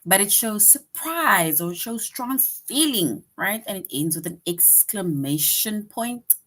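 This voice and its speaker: A woman's voice: fairly low pitch, fairly bright tone. A woman teaching a grammar lesson to young children, patient and repetitive, checking in with "right?" after each point.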